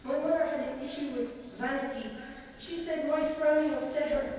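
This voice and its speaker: A young woman performing a deadpan, mock-solemn comic confession sketch in a student debate. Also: sits high, moderate pace. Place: large debating chamber. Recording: echoey hall from far off, audience noise.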